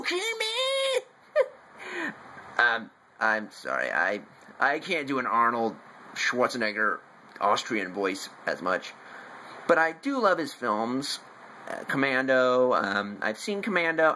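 A young man, in his teens, reviewing a movie at home in a rambling, excitable way, talking in bursts. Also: mid-range voice, poor audio. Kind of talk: casual home video review. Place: room at home, family in the house. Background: faint TV noise from downstairs.

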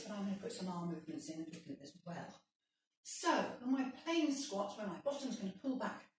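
A woman's voice: medium pitch, a little mellow, very echoey, recorded from a distance, slight background noise, low-quality recording. A woman leading a workout, giving encouraging step-by-step instructions and counting reps, a little out of breath. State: slightly out of breath. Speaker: fitness instructor.

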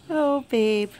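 A woman at home in the morning, talking unhurriedly to her pets and her viewers, cooing to the animals in a soft, doting voice. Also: sits high, a little hiss or hum. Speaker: pet owner vlogger. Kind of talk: casual talk to pets and viewers. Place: at home indoors, early morning.

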